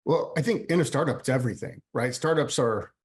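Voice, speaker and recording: A man's voice: mid-range voice, fairly quick. A man speaking as an interview guest, a company chief executive, answering in an earnest, emphatic way with frequent fillers.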